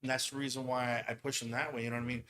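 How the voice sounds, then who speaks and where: A man's voice: mid-range voice, little pitch movement, racing, sharp tone, a little hiss or hum. A man who installs car audio, chatting casually on a podcast with slang and plenty of swearing. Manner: laid-back, slangy, swears freely.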